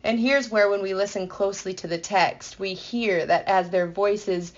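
A woman teaching scripture in a relaxed, conversational way, playful and full of enthusiasm. Her voice sits at a middle pitch for a woman. The sound is dull and lo-fi. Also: normal speed. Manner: playful and enthusiastic, with vivid asides. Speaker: Bible teacher.

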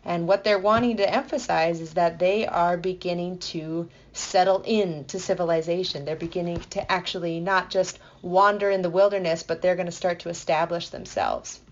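A woman explaining a Bible passage in a playful, enthusiastic way, building excitement as she goes. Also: on the low side, normal speed, hardly any pauses, dull audio. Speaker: Bible teacher. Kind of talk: explanatory podcast talk.

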